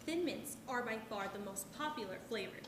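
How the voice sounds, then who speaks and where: A woman reading a brisk, bossy young scout girl in a staged play reading. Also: a little high, lively intonation, background noise, lightly acted. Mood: instructive. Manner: brisk, instructive. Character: bossy know-it-all scout leader girl Alice. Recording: live reading from a distance in an echoey hall.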